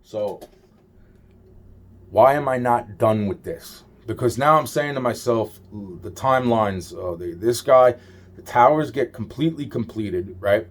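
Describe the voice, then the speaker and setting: A man's voice: mid-range voice, unhurried. A man in a rambling monologue, swearing constantly and trailing off with exasperated sighs. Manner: trails off with repeated sighs of "wow".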